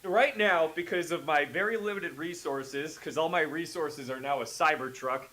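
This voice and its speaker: Lively self-deprecating man, bright voice. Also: fairly high pitch, normal speed, rough recording. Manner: animated, self-deprecating, laughs often. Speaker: VA loan specialist guest. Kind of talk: casual radio chat.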